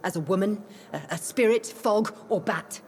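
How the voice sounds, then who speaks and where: A woman's voice: mid-range voice, moderate pace, darkish tone, slight background noise, lightly acted. An actress playing a grandiose woman patient who claims to be a vampire, speaking in a theatrical manner. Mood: mysterious. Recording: game audio with music behind.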